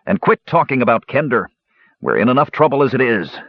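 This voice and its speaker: A man reading an audiobook, voicing a gruff, irritable male dwarf who growls and snaps. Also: medium pitch, very animated, moderate pace, no room sound, highs cut off, voice pushed up.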